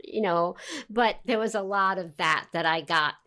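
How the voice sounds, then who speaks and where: A woman's voice: fairly low pitch, moderate pace, bright, forceful tone. An older woman from Queens with a New York accent, chatting as a guest in a casual interview, rambling with lots of fillers and restarts. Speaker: guest voice actress.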